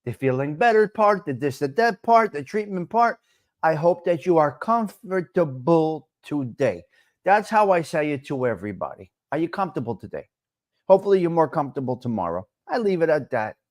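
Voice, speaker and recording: Man, live-stream host, animated pitch, rambling chatty delivery, greets viewers by name. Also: normal speed. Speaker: livestream talk show host. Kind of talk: casual live-stream chat.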